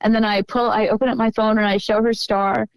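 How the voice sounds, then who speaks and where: A woman's voice: on the high side, flat delivery, brisk, smooth, no room sound, rough recording. A woman as a podcast guest, telling a personal story in an earnest, emotional way during a casual interview.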